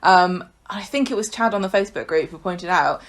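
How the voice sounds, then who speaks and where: A woman's voice: on the low side, brisk, a crowd in the background. A woman co-hosting a podcast in casual chat. She tells stories in a chatty way and laughs often. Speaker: podcast co-host.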